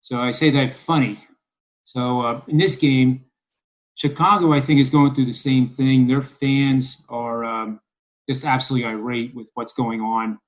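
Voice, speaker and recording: A man's voice: medium pitch, fairly even intonation, a little slow, rough recording. A man from Philadelphia talks through his betting picks in a casual podcast discussion. He rambles with plenty of ums and uhs and slips in wry asides. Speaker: sports betting analyst.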